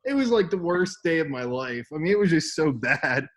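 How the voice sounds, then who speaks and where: A man's voice: a little high, brisk, few pauses. A young man co-hosting a casual podcast, telling a story with laughs and acted-out quotes. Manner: animated, laughing, acts out quoted voices. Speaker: podcast co-host.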